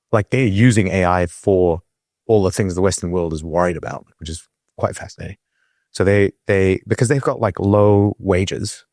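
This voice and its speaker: A man with a very low voice, talking loosely on a podcast. He rambles, restarts his sentences and fills gaps with "like" and "um". The sound is close and dry. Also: darkish tone, no echo. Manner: rambling, hesitant, many restarts and fillers. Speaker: podcast co-host. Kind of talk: casual chat.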